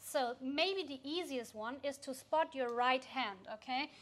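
A woman dance teacher giving clear tips to followers, often checking in with listeners. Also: sits high, unhurried. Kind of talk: instructional dance lesson.

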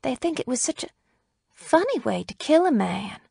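A woman doing a timid, hushed sheriff's wife. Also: high voice, big pitch swings, gravelly, breathy edge, dry recording, studio quality, voice pushed up, exaggerated voice. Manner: hushed, shrinking, halting.

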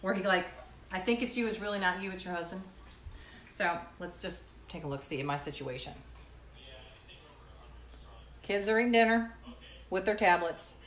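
A woman's voice: mid-range voice, moderate pace, long pauses, fairly bright tone. A woman in her thirties hosting a casual live stream from her condo kitchen, talking in a rambling, chatty way full of "like.". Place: indoors at home in a condo kitchen. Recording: echoey room.

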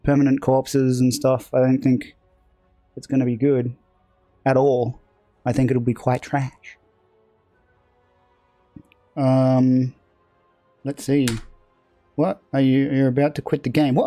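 A man's voice: mid-range voice, little pitch movement, slow pace, pauses often, dark tone, no room sound, faint music behind. A man streaming a video game live, rambling casually and joking at his own expense while chatting with viewers. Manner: rambling, self-mocking banter with chat.

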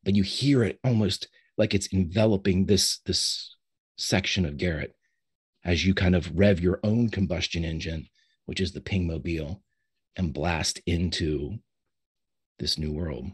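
A man's voice: low voice, a little slow, husky. A man narrating a tabletop game as game master, describing scenes in a loose, descriptive way.

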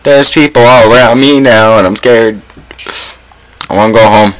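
A man's voice: mid-range voice, normal speed, clear, resonant tone, poor audio. A young man giving casual gameplay commentary, full of self-mocking groans and dramatic exclamations. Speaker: gaming YouTuber.

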